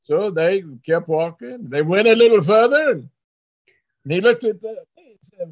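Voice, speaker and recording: A man preaching a story in short phrases for an interpreter, animated, acting out the voices of the people in his story. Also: sits high, unhurried. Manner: animated, acts out hollering voices. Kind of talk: sermon storytelling with live interpreter. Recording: dull lo-fi sound.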